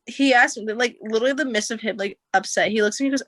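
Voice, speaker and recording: A young woman recounts a personal story in casual podcast chat, her voice sitting at an everyday middle pitch. She acts out the other people's lines as she goes and fills her sentences with "like." The sound is dry and close. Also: racing, dry recording. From United States. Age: young adult. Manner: animated storyteller, acts out quotes, says like a lot. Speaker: podcast guest.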